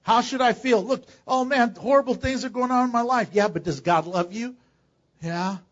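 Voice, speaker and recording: An older man preaching a sermon as pastor, animated and joking, with sudden loud bursts. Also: very high-pitched, moderate pace, lo-fi sound. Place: church.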